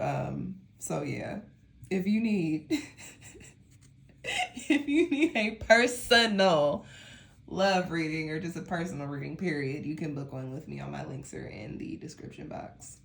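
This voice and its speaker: Sleepy chatty Colorado woman, low voice. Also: lively intonation, slow pace, vocal fry. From Denver, Colorado. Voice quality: slight lisp when tired. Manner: rambling, chatty, laughs often. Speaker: tarot reader. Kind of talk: casual monthly tarot reading.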